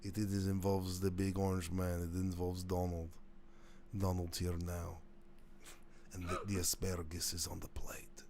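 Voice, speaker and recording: A man's voice: deep voice, monotone, moderate pace, warm tone, slight background noise, pitched below the performer's own voice. A man voicing a secretive Russian phone caller in a mock Russian accent, speaking broken English in a conspiratorial murmur.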